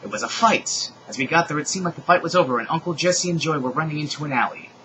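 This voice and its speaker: Bright-voiced man reading with mock drama. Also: on the high side, quick pace, a little hiss or hum, poor audio. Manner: animated, mocking asides, shouted dialogue lines. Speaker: reader of a fan story.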